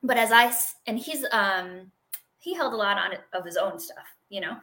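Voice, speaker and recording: A middle-aged woman, a guest in an interview, telling her healing story in a chatty, expressive way with lots of fillers and laughter. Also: medium pitch, moderate pace. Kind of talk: casual interview conversation.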